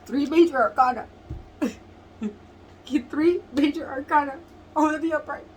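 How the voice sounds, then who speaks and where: Brief: woman tarot reader, high and slow-spoken, tearful, earnest, soft laughs between lines. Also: a little hiss or hum, low-quality recording. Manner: earnest, repeats phrases. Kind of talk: tarot reading to camera.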